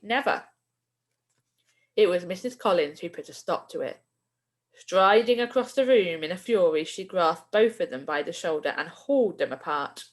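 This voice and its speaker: A woman, a primary school teacher, reading a children's book aloud with expressive storytelling. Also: lowish voice.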